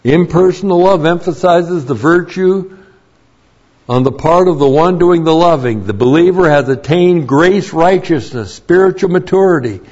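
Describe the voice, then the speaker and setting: Slow deliberate male Bible teacher. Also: on the high side, darkish tone. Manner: slow, deliberate, repeats key phrases. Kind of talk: sermon. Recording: dull lo-fi recording.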